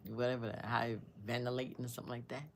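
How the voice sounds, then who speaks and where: Woman, sixties, storytime vlogger, devout, rambling, hushed at times. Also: a bass voice, little pitch movement, fast, slight background noise. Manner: rambling, searching for words, drops to a hushed near-whisper; earnest and devout. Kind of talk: emotional personal storytime.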